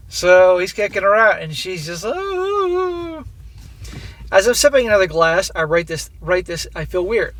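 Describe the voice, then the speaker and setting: A man with a fairly high voice reads a story aloud in a casual, conversational way. He keeps stopping to add his own comments. The sound is dry and close, with no room echo. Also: a bit bright. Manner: casual, breaks off reading to comment. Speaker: commentary channel host.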